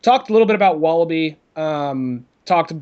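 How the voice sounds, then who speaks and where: A man chatting on a podcast, his voice sitting a little high. He rambles through stories, laughs a lot and drops into silly voices when he quotes someone. Loose and casual. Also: lively intonation, fairly quick, clean tone, dull audio. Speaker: podcast co-host.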